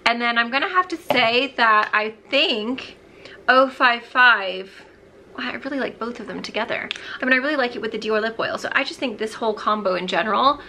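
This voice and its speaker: A woman's voice: mid-range voice, pushed and bright, slight background noise. A young woman vlogging as she gets ready, chatting in a bubbly, rambling way and talking to herself as she goes. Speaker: beauty vlogger. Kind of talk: chatty get-ready-with-me vlog.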